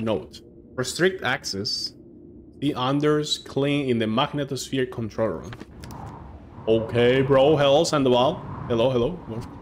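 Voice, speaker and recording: A young man streaming a game live, chatting excitedly with his viewers and reacting as he plays. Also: medium pitch, background noise. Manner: excitable, chatty, talks to chat. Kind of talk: casual live game commentary.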